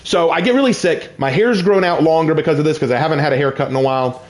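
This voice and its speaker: A young man casually telling personal stories while playing a game, with excited outbursts. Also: a little high, fast. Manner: lively, shifts from calm to excited outbursts. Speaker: gaming channel host.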